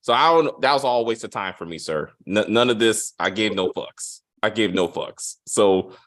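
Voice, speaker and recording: A man's voice: fairly low pitch, normal speed. A man reviewing a TV series in casual, profane chat, mocking the plot with acted-out quotes. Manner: animated, swearing, mocking retellings with acted quotes. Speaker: TV show reviewer.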